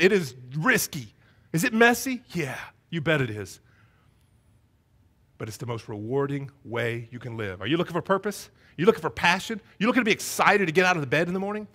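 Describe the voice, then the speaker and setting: A man in his thirties preaching a sermon in a church, telling stories with energy and acting out the voices in them. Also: sits high. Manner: animated storytelling, acts out voices. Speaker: pastor. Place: church sanctuary.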